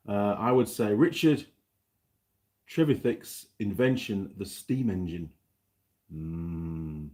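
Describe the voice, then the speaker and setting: A man's voice: sits low, lively intonation, measured pace, mellow. A man hosting a casual livestream, rambling as he reads out viewer comments and tells a story. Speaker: livestream host. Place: New Zealand.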